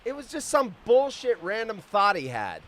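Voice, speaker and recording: A man's voice: high voice, wildly swooping pitch, a bit bright. A man in his fifties hosting a casual live stream from outdoors on vacation, rambling off on tangents and swearing freely. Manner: profane, rambling, quick tangents. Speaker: host.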